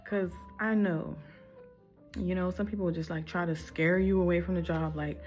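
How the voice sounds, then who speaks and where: A woman's voice: on the low side, steady tone, normal speed, darkish tone, faint music behind. A woman telling a casual storytime in a candid, rambling, emphatic way, full of casual slang.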